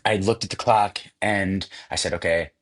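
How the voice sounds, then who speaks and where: Man, low voice, interview guest, animated storyteller, acts out quotes, casual chat. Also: moderate pace. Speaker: interview guest, soap actor.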